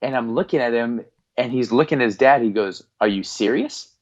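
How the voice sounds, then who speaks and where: A man's voice: medium pitch, a little fast. A middle-aged man, a performance psychologist, telling stories earnestly as a podcast guest and acting out the people in them. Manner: earnest, animated storyteller who acts out quoted voices. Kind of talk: storytelling in a podcast interview. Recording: slightly dull lo-fi audio.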